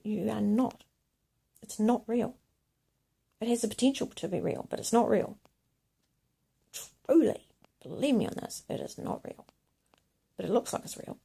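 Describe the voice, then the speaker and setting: A woman rambles through a monologue to camera, her voice heavily gravelly with a mellow, dark color. She often sinks into a hushed whisper between stretches of plain talk. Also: mid-range voice, normal speed, pauses often. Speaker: video blogger.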